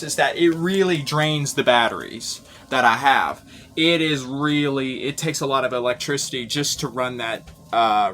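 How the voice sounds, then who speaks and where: A man's voice: a little high, slight background noise. Chatty man from Tennessee, rambling. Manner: rambling, restarts, relaxed and chatty. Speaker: vlogger. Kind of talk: casual vlog walkthrough. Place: inside a converted bus.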